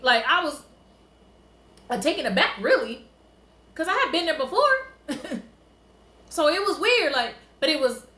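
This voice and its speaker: High bright woman's voice, animated and emotional storyteller, casual vlog, roomy echo. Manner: animated, emotional, laughs often.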